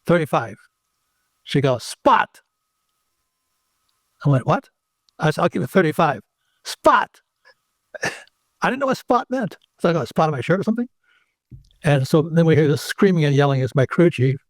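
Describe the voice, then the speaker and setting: Older guy telling a story in an interview, kinda high voice, dry close sound. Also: fast talker, pauses often, no echo. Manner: animated anecdote teller who acts out the people in his stories. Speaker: interview guest.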